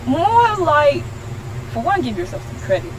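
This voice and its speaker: A young woman hosting a casual podcast chat, frank and animated, swearing freely. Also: high voice, normal speed. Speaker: podcast host. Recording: noisy background.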